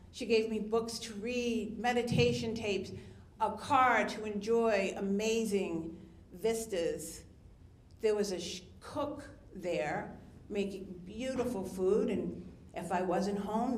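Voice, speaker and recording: A woman's voice: medium pitch, a little mellow, reverberant. A woman performing a candid, confessional personal story as a storyteller.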